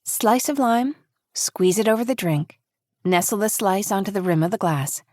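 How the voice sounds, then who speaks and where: A woman giving measured, reflective first-person audiobook narration. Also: medium pitch, lively intonation, no room sound, studio quality. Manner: measured, reflective, quietly intimate.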